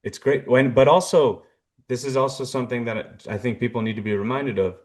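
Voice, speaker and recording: A man's voice: mid-range voice, fairly quick. A young man co-hosting a casual sports podcast, telling stories animatedly and mimicking what players said. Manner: animated storyteller, mimics others. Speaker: podcast co-host.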